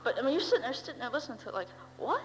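Racing along in a high, expressive voice, this teenage girl rambles wryly through her recovery story, peppering it with "you know" and "uh." A faint hum and long hall reverb color the recording.

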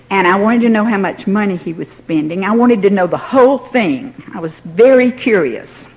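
A woman's voice: medium pitch, low-quality recording. An older woman telling a personal story in a wry, self-mocking way, laughing now and then.

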